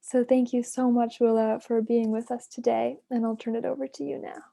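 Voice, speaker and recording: A woman hosting an online session, introducing the guest teacher in an even, read-from-notes way. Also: fairly high pitch, normal speed, gravelly. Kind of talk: scripted introduction. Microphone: online video call.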